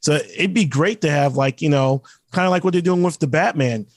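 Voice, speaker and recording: A man's voice: fairly high pitch, fairly quick, dry recording, studio quality. A man co-hosting a podcast, rambling through casual chat with lots of restarts and some cursing. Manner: rambling, profane, frequent restarts. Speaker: podcast co-host.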